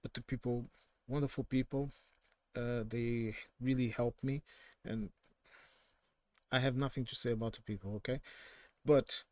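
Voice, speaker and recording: A man's voice: mid-range voice, steady tone, measured pace, pauses often, darkish tone, no echo. Portuguese man giving opinionated commentary. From southern Portugal. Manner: opinionated, digressive, frequent self-corrections. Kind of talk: casual political commentary.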